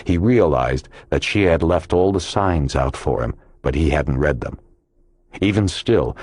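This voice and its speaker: A man with a very deep, low voice reads a crime audiobook in measured, scripted narration. The recording is dry and close, with no room sound. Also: a little mellow, no echo.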